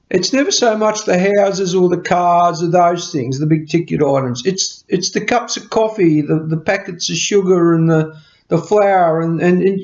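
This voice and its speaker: A man's voice: sits high, darkish tone. A man talking earnestly to camera from home in a rambling, homely way about budgeting. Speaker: budgeting vlogger. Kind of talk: casual talk to camera. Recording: slightly muffled lo-fi sound.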